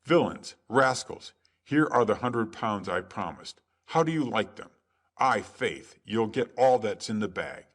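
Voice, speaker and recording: A man's voice: on the low side, lively intonation, unhurried. A man voicing a sly, boastful beggar trickster who speaks in crafty, archaic phrasing, for a storybook reading. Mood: mocking. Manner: crafty, mocking archaic speech.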